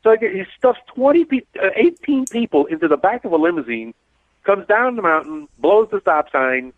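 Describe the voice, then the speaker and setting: Talk radio host, New man, blunt rambler, slightly high voice, tinny dry phone-like audio. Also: sing-song, moderate pace, no room sound. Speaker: radio show host and cab driver.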